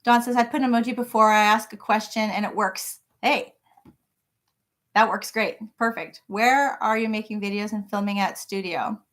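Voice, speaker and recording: A woman's voice: medium pitch, normal speed, fairly bright tone. A middle-aged woman hosting a crochet live stream from her home office, chatting casually and greeting viewers by name.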